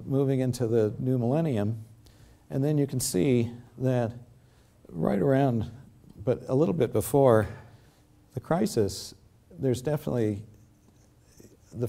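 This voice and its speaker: An older man giving an academic lecture with slides, halting often and filling pauses with many ums and restarts. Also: mid-range voice, creaky, dark tone. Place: lecture theatre.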